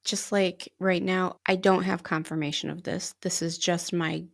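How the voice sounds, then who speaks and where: A woman co-hosts a casual podcast conversation. Her voice sits fairly low with a gravelly, fry-textured edge, and she tells her stories in an animated way, often slipping into the voices of the people she quotes. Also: normal speed. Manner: animated storyteller who acts out quoted dialogue and laughs often. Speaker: podcast co-host.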